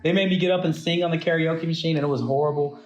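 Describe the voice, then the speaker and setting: A man co-hosting a podcast in a relaxed, reflective manner, with a somewhat raised pitch. His voice carries a clear roomy echo around it. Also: racing, dull audio. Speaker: podcast co-host. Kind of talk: casual chat.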